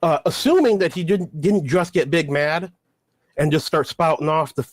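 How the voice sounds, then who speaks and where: Sardonic, measured man co-host. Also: on the high side, no room sound. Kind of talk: casual political discussion.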